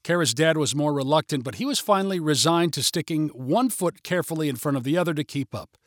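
A man reads an adventure story aloud in a measured, steady narration. His voice sits somewhat high for a man. The recording is dry and close, with no room sound. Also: dry recording.

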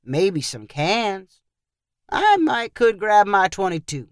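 A man's voice: sits high, big pitch swings, slow, smooth, no echo, studio quality, full character voice. A man doing a drawling old rancher. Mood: easygoing. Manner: drawling, matter-of-fact. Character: easygoing old ranch grandfather.

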